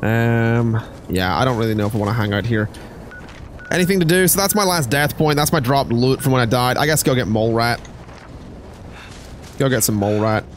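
A man's voice: medium pitch, fairly quick, long pauses, a little hiss or hum. A man streaming a game, rambling and joking with chat in casual gameplay commentary.

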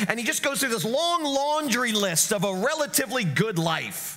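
A male pastor preaching a sermon in an earnest, emphatic manner, dropping to hushed tones and rising again. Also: extremely high pitch, animated, normal speed, few pauses.

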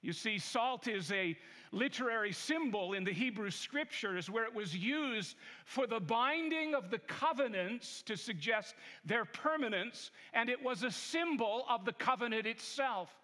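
A male pastor preaching a sermon in a church, emphatic and deliberate. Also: extremely high pitch, expressive, bright, forceful tone. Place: large church sanctuary. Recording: long hall reverb.

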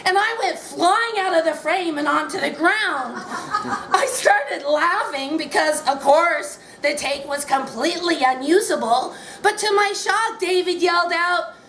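Reading from her own book at a live bookshop event, this woman delivers her memoir with wry amusement and keeps breaking into laughter between lines. She speaks at a measured pace in a high, slightly bright voice, in an echoey space with faint noise behind her.

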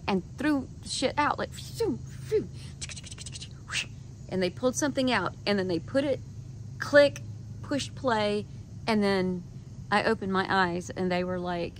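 A woman talking straight to camera, telling a personal story in an animated way and acting out her own quoted thoughts. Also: mid-range voice, measured pace, pauses often, a little hiss or hum. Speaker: video creator.

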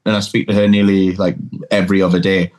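A man's voice: low voice, little pitch movement, quick pace, darkish tone. A man from North East England, chatting casually as a podcast guest, telling stories with lots of restarts and swearing. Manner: rambling, sweary storyteller with many restarts. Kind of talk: casual chat.

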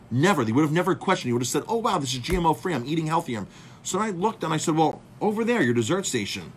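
A chef telling a story to his viewers in a casual, animated way, acting out the dialogue and calling his audience "folks". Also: medium pitch, slight background noise. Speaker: chef and speaker.

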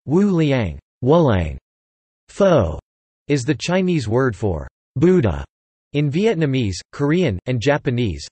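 Synthetic male reader, even machine delivery, mid pitch, dead-dry sound. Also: husky, no echo. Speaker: text-to-speech reader. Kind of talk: synthetic encyclopedia reading.

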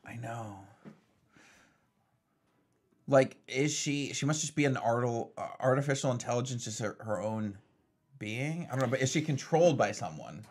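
Excitable young man reacting to a show. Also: medium pitch. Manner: excitable, talks in quick bursts. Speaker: reaction channel co-host. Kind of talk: casual reaction chat.

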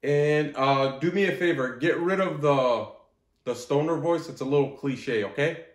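A man's voice: a little high, unhurried. A man hosting a comic educational podcast, explaining in a joking, swearing, rambling way. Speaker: podcast host, pharmacy doctor. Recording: roomy echo.

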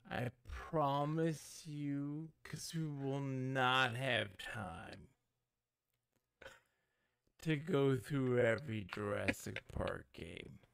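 Give me a male streamer chatting giddily to his chat, laughing a lot, with a slow drawl. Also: medium pitch, creaky, fairly bright tone, smooth, dry recording, studio quality. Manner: giggly, rambling, giddy. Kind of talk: casual live-stream chat.

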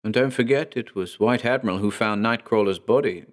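A man voicing an anxious man who tries to calm the others, speaking sheepishly. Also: fairly low pitch, fairly quick, natural voice. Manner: placating, sheepish.

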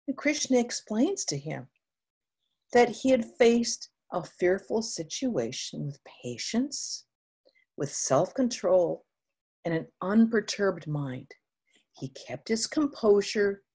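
A woman spiritual teacher giving a sermon, retelling an old legend with expressive, unhurried storytelling. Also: medium pitch.

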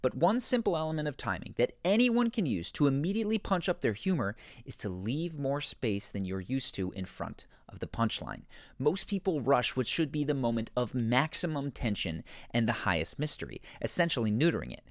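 A man hosting and narrating an explanatory video in scripted narration, with an animated, explanatory manner. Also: medium pitch, a little fast, no room sound, studio quality. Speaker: host.

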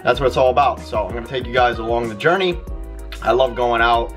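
A man's voice: mid-range voice, fairly even intonation, fast talker, a bit bright, soft background music. A young man in his twenties, a soccer player chatting casually in a laid-back vlog. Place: home, Sweden.

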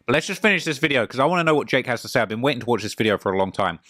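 A man giving a casual reaction commentary while eating dinner, excitable and rambling, often stammering and restarting. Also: medium pitch, very fast, hardly any pauses, no room sound, studio quality. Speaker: reaction video host.

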